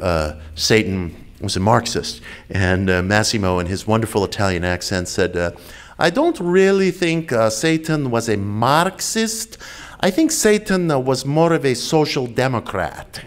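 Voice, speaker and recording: A man giving a public lecture in an enthusiastic, wry way, with frequent fillers. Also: on the low side.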